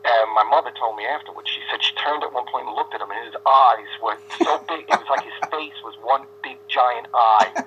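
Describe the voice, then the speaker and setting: A man's voice: medium pitch, fairly quick, few pauses, dull audio, a little hiss or hum. A man as an interview guest, telling rambling anecdotes in casual chat and laughing often.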